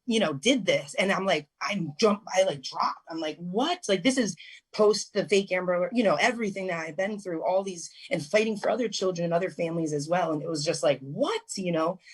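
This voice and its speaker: Husky-voiced woman telling a rambling story. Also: low-pitched. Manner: rambling, emotional storytelling with many restarts and fillers. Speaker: guest. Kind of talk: call-in radio interview, personal account.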